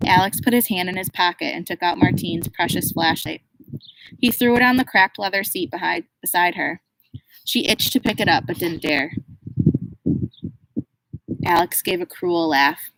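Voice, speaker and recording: A woman narrating a children's novel in a steady, expressive reading voice. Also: lowish voice, normal speed, long pauses, a little hiss or hum, rough recording. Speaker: audiobook narrator. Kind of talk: scripted storybook narration.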